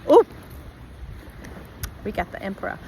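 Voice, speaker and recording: Animated woman giving a tarot reading. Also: measured pace, slight background noise, poor audio. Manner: animated, acts out viewers' voices. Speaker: tarot reader.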